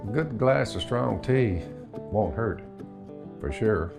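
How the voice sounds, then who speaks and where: A man's voice: fairly low pitch, animated, takes it slowly, creaky, over music. An older man, hosting his own show and giving folksy, plainspoken homespun preaching. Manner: drawling, plainspoken, acts out imagined dialogue. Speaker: show host.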